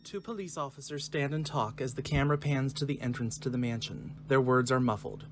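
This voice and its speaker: A man's voice: medium pitch, expressive, a little fast, soft background music. Man reading screenplay stage directions.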